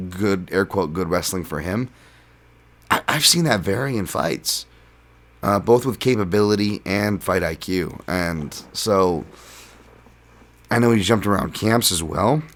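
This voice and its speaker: A man's voice: low voice, a little slow, long pauses. A man hosting his own podcast, talking through fight picks alone in a loose, casual way, with frequent ums and restarts. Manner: casual, many fillers and restarts. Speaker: podcast host. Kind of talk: solo sports betting breakdown.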